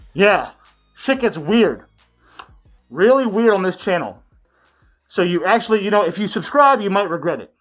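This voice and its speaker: Sarcastic woman hosting a profane news vlog. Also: medium pitch. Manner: sarcastic, crude and blunt. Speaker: channel host. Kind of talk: profane comedic news commentary.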